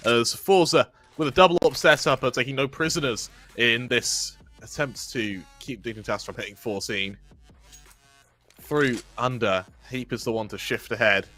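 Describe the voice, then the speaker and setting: Male esports co-caster, bright sharp voice, quick analysis, light music behind. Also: mid-range voice. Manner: quick analytical, laughs easily. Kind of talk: live esports analysis commentary.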